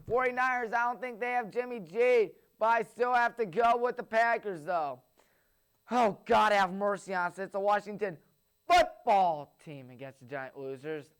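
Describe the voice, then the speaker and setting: A young man with a high, smooth, clear voice runs through his weekly game picks. He talks in quick bursts full of teasing, opinionated jokes, like a small-town sports show host. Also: a bit bright. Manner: jokey, opinionated, rapid-fire predictions. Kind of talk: solo sports picks commentary.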